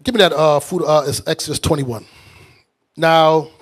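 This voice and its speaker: A man's voice: on the high side, moderate pace. A man preaching as a bishop in a fiery, mocking, blunt sermon style. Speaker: bishop and teacher.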